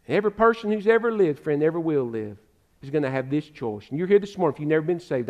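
A male pastor delivers an impassioned sermon in a high, bright-toned voice. He shifts between loud, ringing exhortation and quiet pleading, and he talks straight to his listeners, calling each one "friend". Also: big pitch swings, brisk. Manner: addresses listeners directly as "friend".

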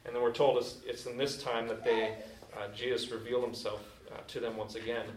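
Casual pastor with an echoey, distant sound. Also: male voice, medium pitch, little pitch movement, fairly quick, slight background noise. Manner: casual storytelling, conversational with fillers. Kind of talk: sermon. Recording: echoey room from a distant mic.

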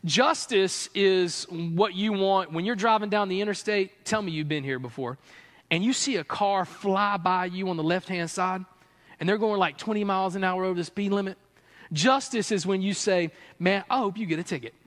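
A man's voice: sits high, normal speed. A man preaching a sermon as pastor to a gathered room, telling stories with laughs and playful asides. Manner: animated storytelling with laughs and asides. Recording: long reverb of a large hall.

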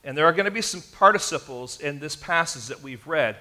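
Bright-voiced man preaching a sermon. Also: on the high side, lively intonation, a little fast. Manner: earnest preaching, addressing the congregation directly. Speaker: pastor.

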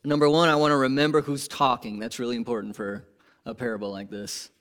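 A man preaching a sermon to his congregation, animated and conversational, asking rhetorical questions and swinging from emphatic peaks to quiet lows. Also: fast, clear, resonant tone. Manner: animated, rising to emphatic peaks then dropping low. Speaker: pastor.

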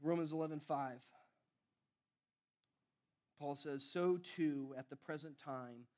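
A man's voice: a little high, slow pace, a little mellow. A man preaching a casual sermon to his church, chatty and self-deprecating, often laughing at himself. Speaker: pastor.

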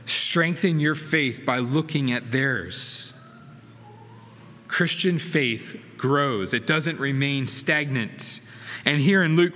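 A man's voice: fairly high pitch, a bit bright. A male pastor preaching a sermon in a church, earnest and emphatic, with rhetorical questions. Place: church sanctuary. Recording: reverberant hall with faint noise.

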